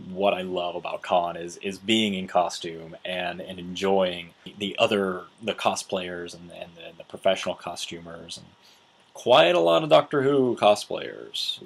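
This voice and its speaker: A man's voice: low-pitched, measured pace, vocal fry. A man vlogging a casual, rambling story recap, acting out quotes as he goes. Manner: rambling, with many restarts and acted quotes.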